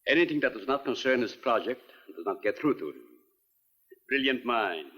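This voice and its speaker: An earnest older scientist from a 1950s film, formal and eager to explain. His husky voice rises and falls with lively expression as he lays out his work. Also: medium pitch, normal speed, long reverb tail, muffled recording. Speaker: scientist running an island lab.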